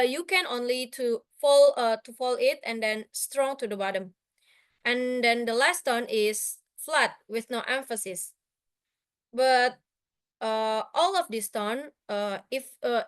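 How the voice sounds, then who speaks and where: A woman's voice: fairly high pitch, fairly bright tone, clear, resonant tone. Hesitant young woman with an Indonesian accent. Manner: hesitant, many fillers and restarts. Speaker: guest speaker. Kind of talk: online presentation with slides.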